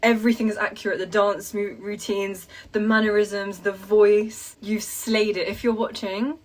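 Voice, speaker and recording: Gushing, excitable woman. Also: medium pitch, normal speed. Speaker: content creator reacting to a trailer. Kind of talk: excited reaction vlog.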